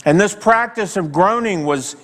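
A male pastor preaching a sermon slowly and emphatically, with dramatic pauses, and asking the congregation direct questions. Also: sits high, animated, fairly bright tone. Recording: long hall reverb.

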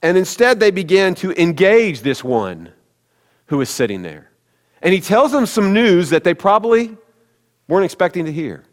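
A male pastor delivers a sermon in a relaxed, conversational way and turns often to speak straight to his listeners. His voice sits a little high for a man. The sound rings with the long reverb of a large church. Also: moderate pace. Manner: conversational, speaks directly to the congregation.

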